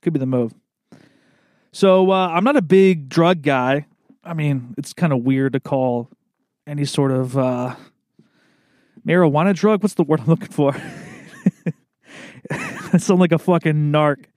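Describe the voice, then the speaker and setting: Young man, East Coast accent, solo podcast host, slightly high voice, dry studio sound, rambling and laid-back. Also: unhurried, long pauses, darkish tone, no room sound. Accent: American East Coast. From Maryland, USA. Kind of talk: casual solo podcast monologue. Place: recording studio.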